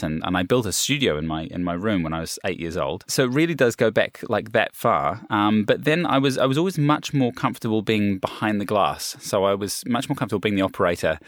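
A man's voice: sits low, no room sound, clean studio sound. A man from England, a voiceover artist and coach, answering interview questions in a reflective way with frequent fillers and restarts.

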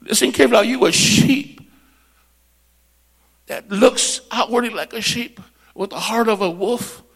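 A man preaching a sermon in church, calling out to the congregation and swinging between loud and hushed delivery. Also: high voice, unhurried, gravelly, husky. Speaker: pastor.

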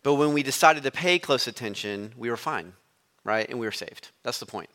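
A man's voice: mid-range voice, normal speed, fairly bright tone. A man preaching a sermon as a guest, telling a story in a conversational way.

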